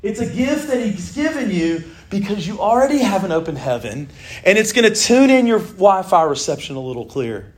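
A middle-aged preacher delivers a casual sermon in a notably high, light voice, speaking fairly quickly. He's animated and conversational, filling it with jokes and asides to his listeners.

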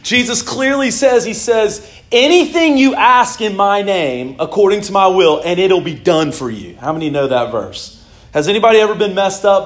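A man delivers a sermon as if chatting with friends, telling personal stories and breaking into laughter now and then. His voice sits a little high for a man. The sound carries a noticeable room echo. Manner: conversational, laughs often, personal storytelling. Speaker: pastor. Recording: echoey room.

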